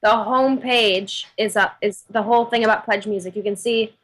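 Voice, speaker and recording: A woman's voice: medium pitch, fairly even intonation, normal speed, fairly bright tone, poor audio. Woman in her 30s on a podcast, friendly playful chat about her music. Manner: playful, goes along with the jokes. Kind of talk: casual chat.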